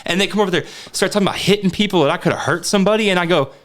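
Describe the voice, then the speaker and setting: A man's voice: high-pitched, racing. A man in his thirties, a podcast co-host telling stories in casual chat, swearing freely and acting out what people said. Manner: animated, swears freely, acts out quotes.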